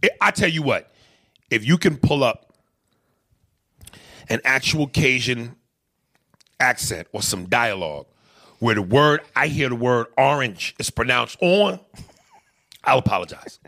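A man ranting in a heated, profane podcast conversation, swinging between loud bursts and quiet asides. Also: medium pitch, expressive, unhurried, pauses often. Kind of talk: heated casual rant.

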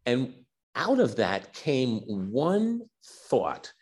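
An older man talking as a physician and author on a podcast. His pitch swings widely as he tells candid personal stories. He acts out the dialogue and stumbles over a few repeated starts. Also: wildly swooping pitch, extremely slow, darkish tone. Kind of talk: candid interview storytelling.

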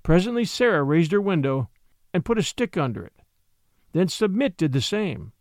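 A man narrating a classic short story, reading in an expressive, measured way. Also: high-pitched, dry recording, clean studio sound. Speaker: narrator and podcast host.

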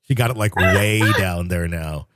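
A man's voice: sits low, normal speed, fairly bright tone, dry recording, studio quality. A man co-hosting a podcast in casual conversation, rambling with frequent restarts and fillers. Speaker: podcast co-host.

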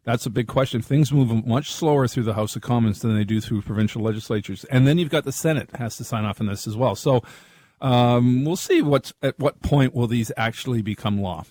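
A man giving political analysis on a talk radio show, in a measured, analytical way. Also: mid-range voice, a little mellow. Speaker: political commentator.

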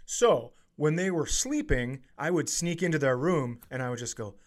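A man co-hosting a comedy podcast, blunt and joking in casual chat. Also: on the high side. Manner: blunt, joking, quick to swear. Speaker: podcast co-host.

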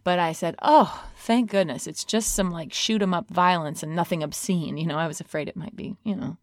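A woman playing a middle-aged Christian suburban mother in an improvised comedy chat, telling her stories in an earnest, deadpan way. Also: on the low side, a little fast, no room sound, studio quality, natural voice. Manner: earnest, chatty, deadpan storytelling. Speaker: podcast co-host in character.

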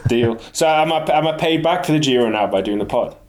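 A man's voice: mid-range voice, fairly quick, crowd noise. A man with a Manx accent, chatting as a guest on a call, telling stories animatedly and swearing a lot. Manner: animated storytelling with lots of swearing. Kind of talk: casual chat.

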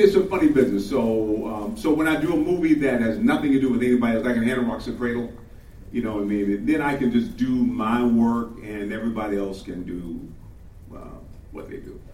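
A man's voice: fairly low pitch, darkish tone, slight background noise. An older male actor telling chatty stories at a panel Q&A, chuckling often. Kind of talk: panel Q&A storytelling. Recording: echoey room, distant mic, faint ambience.

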